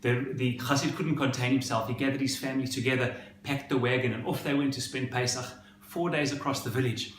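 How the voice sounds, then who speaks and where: Expressive rabbi telling a story. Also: male voice, mid-range voice, a little fast, roomy sound, slight background noise. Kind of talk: storytelling sermon.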